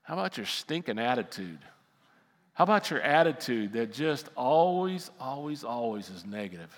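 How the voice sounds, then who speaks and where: A middle-aged male pastor preaching a sermon, telling a personal story with animated swings between loud outbursts and quiet asides. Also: mid-range voice, moderate pace, long reverb tail.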